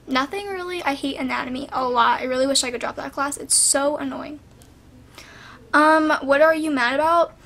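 Hoarse high-voiced teenage girl vlogging. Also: a bit bright. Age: teens. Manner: rambling, filler-heavy, lots of "like". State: hoarse after a sinus infection. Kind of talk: casual chat answering viewer questions.

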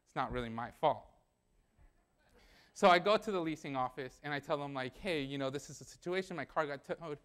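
A man's voice: a little high, a little fast, a bit bright, clean tone. A young man preaching a sermon in a church, telling a personal story in a conversational way and acting out the dialogue.

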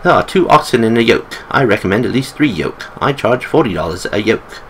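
A man's voice: on the low side, animated, brisk, a little hiss or hum, poor audio. A man doing an old British shopkeeper. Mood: cheery sales pitch. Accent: put-on British. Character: old British male shopkeeper, pipe-smoking, sly.

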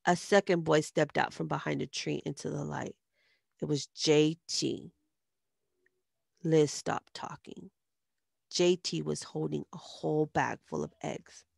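A woman reading a novel aloud in first-person narration, with steady storytelling. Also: low voice, unhurried, vocal fry, no echo, clean studio sound.

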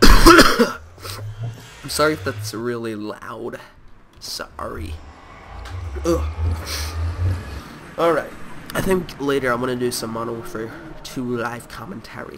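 Nasal, gravelly man with a cold. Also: mid-range voice, noisy background. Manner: rambling, chatty, easygoing. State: sick with a cold. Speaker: host. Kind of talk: casual gameplay commentary.

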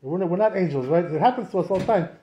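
A rabbi teaches a casual class on Jewish law, tossing rhetorical questions to his listeners and sprinkling in Hebrew terms. His voice is high for a man and soft, warm in tone, and he talks quickly. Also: dull audio, slight background noise. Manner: conversational, asks many rhetorical questions; mixes in Hebrew and Aramaic terms. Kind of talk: informal Torah class.

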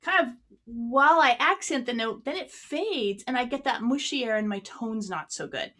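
A woman's voice: a little high, expressive, normal speed, pushed and bright, faint music behind. A woman clarinet teacher giving an online workshop lesson. She explains and demonstrates as she goes, a few feet from her mic.

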